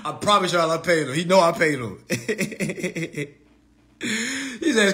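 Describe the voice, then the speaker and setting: A man hosts a comedic roast livestream, animated and profane, with frequent laughter. His voice sits high and sounds bright and forceful. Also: normal speed. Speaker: livestream host.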